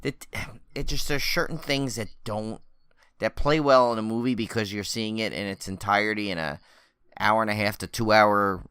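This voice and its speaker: Male podcast co-host, bright crisp voice, dry close sound, loose rambling delivery. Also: on the low side, moderate pace, no echo. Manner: rambling, many restarts and fillers. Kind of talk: casual chat.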